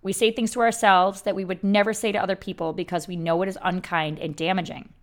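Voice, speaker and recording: A woman who belly dances gives a reflective self-help talk, speaking candidly and gently with the odd casual swear word. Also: medium pitch, steady tone, fast talker. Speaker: belly dancer sharing self-healing practice.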